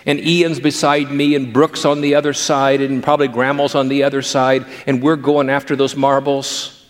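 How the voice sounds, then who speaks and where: A man's voice: mid-range voice, little pitch movement, moderate pace, long reverb tail. An older male pastor who gives a sermon through playful anecdotes about family life.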